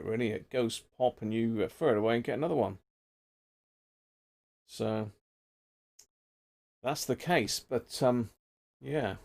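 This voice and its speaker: Middle-aged man, rambling live-stream host, casual chat, mid-pitched voice. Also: gravelly. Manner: chatty, rambling, greets viewers by name. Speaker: livestream host. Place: home workshop.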